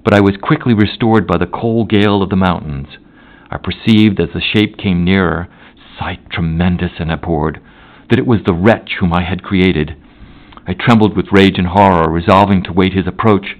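Low-voiced man narrating a classic novel. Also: phone-quality sound. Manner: measured, formal, unhurried.

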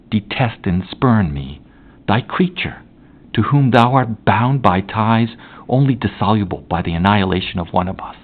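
A man voicing an anguished, towering male creature in a dramatic audiobook reading, speaking in a solemn, archaic, slow and grave manner. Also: lowish voice, narrow, tinny audio. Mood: bitter, mournful.

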